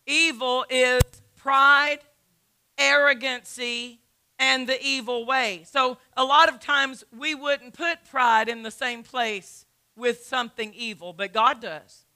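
A woman's voice: high voice, steady tone, takes it slowly, sharp tone. A middle-aged woman pastor preaching a sermon. She teaches emphatically, asks rhetorical questions, and often repeats words and restarts.

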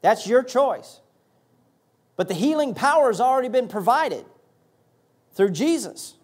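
Man, associate pastor, sermon, high voice, emphatic, animated, repeats words. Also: unhurried.

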